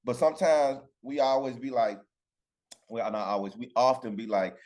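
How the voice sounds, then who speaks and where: A man's voice: medium pitch, fairly even intonation, normal speed, a little mellow. A man teaching a casual Bible lesson over a video call, chatting with his group and keeping them in with a "right?".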